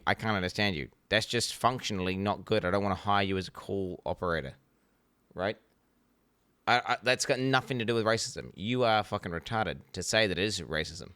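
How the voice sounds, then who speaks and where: A man's voice: on the low side, sharp tone, clear, resonant tone, no echo. A man, streaming and giving blunt, rambling reaction commentary, swearing freely.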